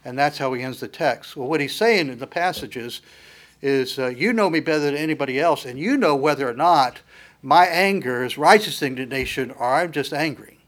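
A man's voice: mid-range voice, moderate pace, a bit bright. A man preaching a sermon in an earnest, emphatic teaching manner, with frequent fillers and restarts.

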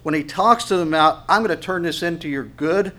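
A man delivers a sermon in a fairly high voice. He swells on the scripture readings and sinks to a quieter, lower register when he explains them to the listeners. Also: fairly quick. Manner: animated preaching, voice swells on scripture and drops low on asides. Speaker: pastor.

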